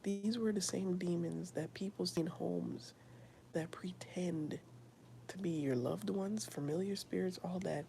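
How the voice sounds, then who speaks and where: A young woman tells her story in a near-whisper, pausing and restarting often. Her voice sits a little low and has a dark, mellow colour. A gravelly fry runs under the soft delivery. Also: a little hiss or hum. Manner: soft, often whispered, halting with many fillers. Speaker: streamer sharing a personal testimony. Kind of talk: whispered personal testimony.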